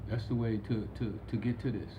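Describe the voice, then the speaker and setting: A man's voice: lowish voice, steady tone, a little fast, lo-fi sound, slight background noise. A man who is a podcast guest, talking unhurriedly with many fillers and restarts. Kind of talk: casual conversation.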